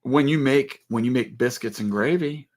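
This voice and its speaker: A man's voice: mid-range voice, moderate pace. A man joining a casual ranch livestream as co-host, bantering and teasing playfully. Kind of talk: casual live-stream chat.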